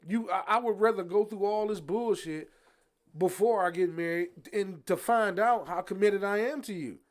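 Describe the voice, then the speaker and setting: A man's voice: sits high, normal speed. An older man co-hosting a podcast who argues his point in a heated, passionate and profane way. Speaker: podcast co-host. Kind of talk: heated casual debate.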